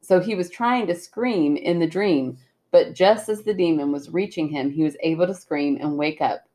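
A woman co-hosting a podcast, chatting casually and telling a listener's story with lively, laughing delivery. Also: normal speed. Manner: animated storytelling, laughs often, jumps high when acting out quotes. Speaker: podcast co-host.

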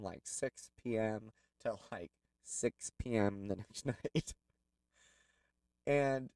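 Gravelly low-voiced man telling a story. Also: dark tone, no room sound, far from the mic, poor audio. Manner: candid, rambling storytelling with many fillers. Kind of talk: personal reflective monologue.

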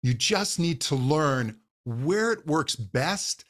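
Male voice coach guest, patient and explanatory, fairly high pitch. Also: lively intonation, slow pace, fairly bright tone. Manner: patient, explanatory, demonstrates vocal exercises. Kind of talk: podcast interview, explaining and demonstrating.

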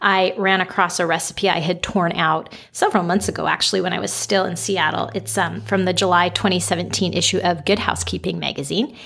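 Middle-aged woman co-host, slightly low voice, easygoing chat with fillers. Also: brisk, creaky, hardly any pauses. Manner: relaxed, conversational, with many fillers. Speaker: podcast co-host. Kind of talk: casual chat.

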